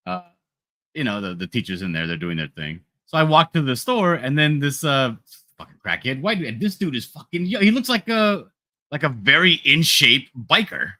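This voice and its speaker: A man's voice: mid-range voice, big pitch swings, brisk, bright, forceful tone, no echo. A man in casual chat, telling a wry, profane story about a stranger.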